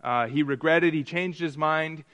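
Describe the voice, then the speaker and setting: Somewhat high-pitched and a little slow, this man's voice sounds clean and fairly bright. He gives an interactive sermon in a church, chatting with the congregation and asking them questions, often restarting and repeating his sentences.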